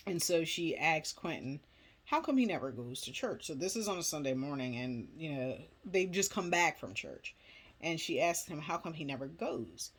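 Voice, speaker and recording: A woman's voice: low-pitched, sing-song, moderate pace, breathy edge. A woman casually retelling a film's plot in a chatty, rambling way, full of filler words. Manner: chatty, rambling, many "you know" fillers. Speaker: movie recap vlogger. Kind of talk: casual movie plot recap.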